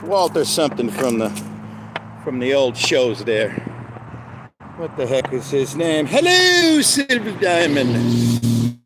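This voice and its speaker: A man's voice: medium pitch, measured pace, pauses often. A man hosting a rambling live stream outdoors by a road, joking, greeting viewers by name and breaking into bits of song. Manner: chatty, jokey, greets viewers by name, sings snatches of songs. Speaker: livestream host. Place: outdoors by a road with passing traffic. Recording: outdoor phone recording with clear traffic noise. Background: street and car noise.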